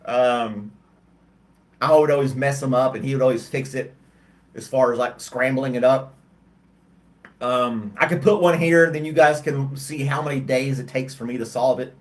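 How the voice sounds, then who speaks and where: Man, livestream host, casual chat, tired and yawning, rambling, lots of ums, mid-pitched voice. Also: normal speed. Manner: rambling and hesitant, many ums and restarts. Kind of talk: casual chat with live chat viewers.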